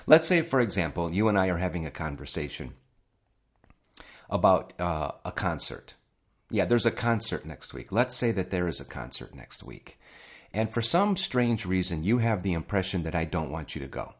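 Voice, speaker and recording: A man hosting a spoken English lesson, chatty and addressing listeners directly, repeating words slowly for learners. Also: sits low, lively intonation. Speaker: English teacher, podcast host.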